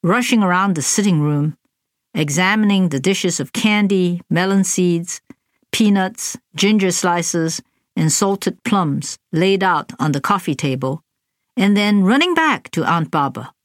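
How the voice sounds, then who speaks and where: Woman narrator for a memoir audiobook: slow and deliberate, lowish voice, dry close recording. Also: no room sound. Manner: measured, deliberate, even delivery.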